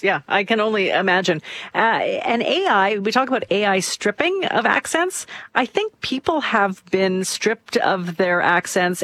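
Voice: mid-range voice, fairly bright tone, dry recording. A talk show co-host chatting in an opinionated, digressive way with frequent fillers. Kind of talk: conversational talk show chat.

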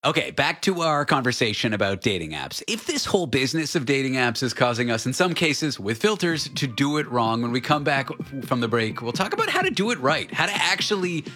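A man's voice: medium pitch, very animated, fairly quick, few pauses, sharp tone, soft background music. A man hosting an interview show, joking about himself and reading an ad. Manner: self-deprecating, joking. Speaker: show host. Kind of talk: casual interview and ad read.

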